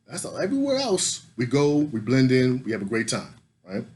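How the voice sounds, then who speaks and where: An American man telling a story in a casual, comic way, swearing a lot and rising to loud indignation. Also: medium pitch, wildly swooping pitch, moderate pace. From United States.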